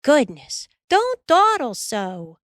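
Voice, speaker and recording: Bossy teenage big sister, high shrill scolding, read by a woman narrator. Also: wildly swooping pitch, takes it slowly, no room sound, studio quality, full character voice. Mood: nagging. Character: bossy nagging older sister, teenage girl.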